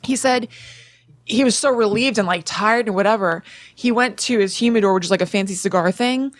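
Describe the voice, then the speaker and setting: A young woman co-hosting a casual podcast, retelling a story with constant "like" fillers. Her voice sits at an ordinary middle pitch, and the recording is dry and close with no room sound. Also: brisk, dry recording. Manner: chatty, filler-heavy retelling with frequent "like". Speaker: podcast co-host.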